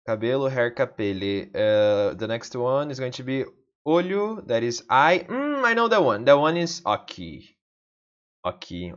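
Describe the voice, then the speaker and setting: A man's voice: medium pitch, lo-fi sound. A man whose first language is Portuguese, thinking aloud as he studies, muttering to himself and repeating words over and over. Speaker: language learner. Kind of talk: thinking-aloud self-study vlog.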